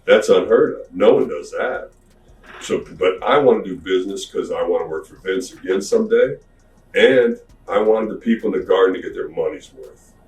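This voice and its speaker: A man casually telling an anecdote as a podcast guest, slangy and animated, recorded from a distance in an echoey room. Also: deep voice, normal speed. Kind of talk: storytelling anecdote.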